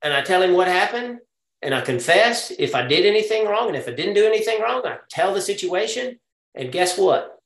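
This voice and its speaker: A man leading a casual group Bible study, folksy and quick to laugh. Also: high-pitched, big pitch swings, fairly bright tone. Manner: folksy, laughs often, affirms with yep. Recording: roomy echo.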